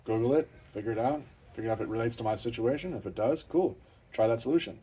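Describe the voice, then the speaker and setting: A middle-aged man with a medium-pitched, mellow, husky voice talks quickly while hosting an off-the-cuff car vlog from his home garage. He swears freely and speaks bluntly and plainly, in a self-deprecating, matter-of-fact way.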